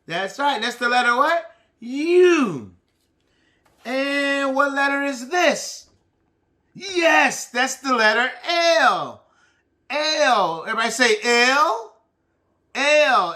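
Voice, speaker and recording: Slow, bright-voiced man teaching preschoolers. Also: extremely high pitch. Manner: animated, sing-song prompting. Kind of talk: early-childhood lesson, call and response.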